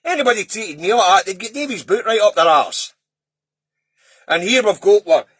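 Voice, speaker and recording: A Scottish man delivers a heated, sweary rant, his fairly high voice swooping up and down with every jab. The tone is bright and edgy but husky around the edges. The sound is close and dry. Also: lively intonation, normal speed, dry recording. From Scotland. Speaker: political video commentator. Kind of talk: angry ranting monologue.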